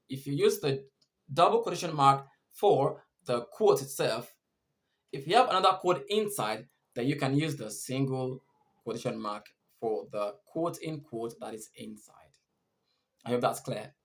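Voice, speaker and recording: A man teaching English punctuation, patiently repeating and rephrasing each point. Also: fairly high pitch. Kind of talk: explaining punctuation rules.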